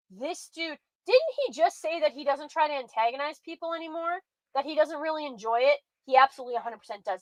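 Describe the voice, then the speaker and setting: A woman's voice: sits high, fairly quick, a bit bright, no echo, rough recording. A woman hosting a commentary show, reacting with sarcastic, exasperated rants. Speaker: commentary host.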